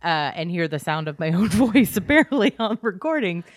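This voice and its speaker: A woman's voice: on the low side, very animated, fairly quick, no room sound, studio quality. A woman in her thirties co-hosting a podcast, chatting candidly with self-deprecating humor and frequent laughs. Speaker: podcast co-host. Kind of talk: casual chat.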